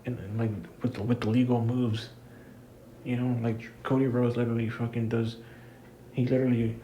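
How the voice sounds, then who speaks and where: A man's voice: medium pitch, little pitch movement, moderate pace, mellow, a little hiss or hum. A young man giving a profane, exasperated review rant about a wrestling event, repeating himself and calling the listener "bro.". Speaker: wrestling commentator. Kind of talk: ranting review.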